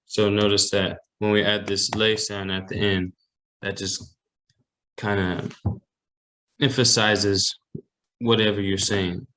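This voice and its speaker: A man's voice: fairly low pitch, little pitch movement, slow, pauses often, bright, forceful tone, low-quality recording. A man teaching a language class over a video call, patiently explaining and repeating example phrases. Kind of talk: online language lesson. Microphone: computer mic on a video call.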